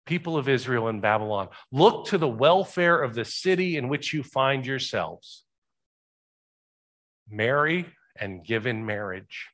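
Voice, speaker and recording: A man's voice: medium pitch, lively intonation, a little slow, a bit bright. A pastor giving a conversational sermon, asking the congregation rhetorical questions and shifting his emphasis often.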